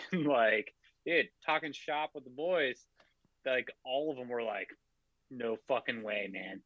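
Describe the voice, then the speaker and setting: A man spins a rambling, loose story on a wrestling podcast, packing his sentences with fillers and cursing. His voice is bright and forward, and it sounds dry and a little dull, like a close home podcast mic. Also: mid-range voice, measured pace, no room sound. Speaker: podcast co-host. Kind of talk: casual chat.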